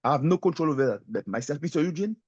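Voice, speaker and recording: A man giving a motivational sales talk as a guest speaker, telling his story in an emphatic, animated way and often turning to the host by name. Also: on the high side, rapid-fire, husky, dry recording. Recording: dull lo-fi audio.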